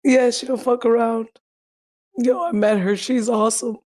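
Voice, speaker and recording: A woman's voice: a little high, steady tone, moderate pace, darkish tone. A woman in a casual group chat, talking bluntly, swearing casually and laughing easily.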